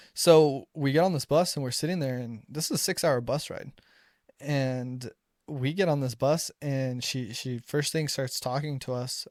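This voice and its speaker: A man's voice: medium pitch, darkish tone, dry recording, studio quality. A young man casually recounting a personal story, acting out the dialogue and often restarting his sentences. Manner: chatty, acts out dialogue, frequent restarts. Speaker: returned missionary storyteller.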